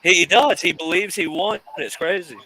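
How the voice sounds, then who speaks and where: A man's voice: high voice, moderate pace, sharp tone, breathy edge, rough recording. A man hosting a live podcast, confronting a caller in a profane, mocking way. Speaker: podcast host. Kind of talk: heated live debate.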